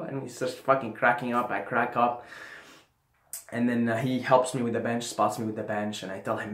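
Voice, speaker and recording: Young man, casual vlog storyteller, animated and profane, mid pitch, roomy echo. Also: a little fast. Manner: animated, swearing, drops to mumbling and whispers when quoting himself. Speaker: vlogger. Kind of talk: casual storytelling trip report. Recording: echoey room.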